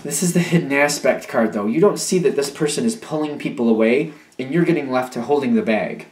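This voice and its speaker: A man's voice: medium pitch, fairly quick, darkish tone. A young man giving a casual tarot reading, talking in a loose, repetitive, conversational way. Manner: conversational, repetitive, acts out imagined voices of the listener. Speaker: tarot reader. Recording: echoey room.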